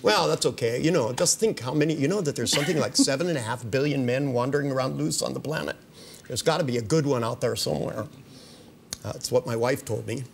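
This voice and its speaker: An older man, a hypnotist, running a live hypnosis demonstration at a seminar, joking and teasing between slow, soft trance suggestions. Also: medium pitch, creaky, slight background noise. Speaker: hypnotist leading a training seminar. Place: seminar room with participants.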